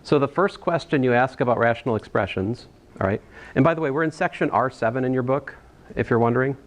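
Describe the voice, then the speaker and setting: A man's voice: mid-range voice, fast. A man teaching a college algebra class in a casual, rambling way, restarting phrases and making jokey asides. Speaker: math instructor. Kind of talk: classroom lecture.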